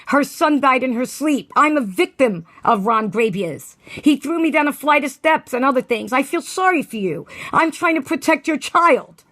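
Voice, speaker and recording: A woman's voice: high-pitched, fairly bright tone. A woman in a heated phone argument, accusatory and firm, lecturing the other side. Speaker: caller.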